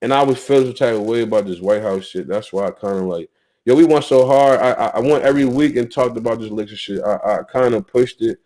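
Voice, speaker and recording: A man's voice: mid-range voice, quick pace, dark tone. A young man from North Carolina with a Southern accent, hosting a talk show in a blunt, profane way with many restarts. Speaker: podcast host. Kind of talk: casual talk-show monologue.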